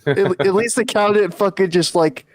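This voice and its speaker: A man's voice: high voice, normal speed, no room sound. A man guesting on a live stream, chatting casually in a rambling, profane, matter-of-fact way. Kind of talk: casual chat.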